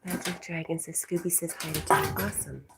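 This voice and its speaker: Soft-spoken woman, whispering at times. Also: fairly low pitch, fairly even intonation, fairly quick, vocal fry, heavy background noise. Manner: soft, often whispering, talks to her dog. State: wheezing. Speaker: livestream host reading chat. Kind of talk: late-night livestream chat with her dog.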